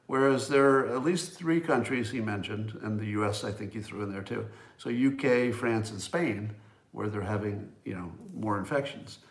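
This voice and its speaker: Male host, solo commentary, emphatic and chatty, mid-pitched, roomy sound. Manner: conversational, emphatic, musing aloud. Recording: roomy echo.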